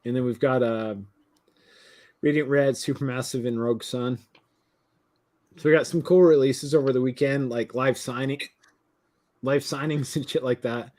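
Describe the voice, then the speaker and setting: A man's voice: mid-range voice, fairly even intonation, moderate pace, pauses often, darkish tone. A man guesting on a casual livestream chat, a little drunk and hiccuping, talking in a loose, profane, hyped way.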